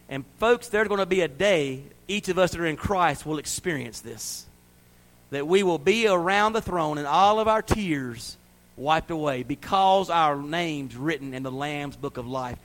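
A man from the American South preaching a sermon, swinging from loud, high-pitched exhortation to hushed intensity. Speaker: pastor.

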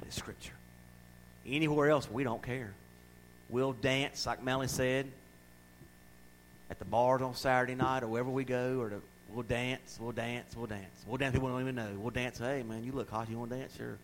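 A middle-aged man preaching a sermon, emphatic and loud at times, then dropping into quiet asides. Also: mid-range voice, slight background noise, low-quality recording. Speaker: pastor.

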